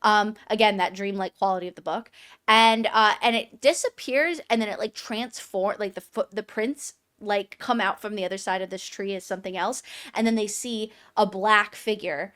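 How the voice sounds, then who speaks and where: A woman co-hosting a book podcast, retelling a plot in an animated, filler-heavy casual chat. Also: medium pitch, moderate pace, clear, resonant tone.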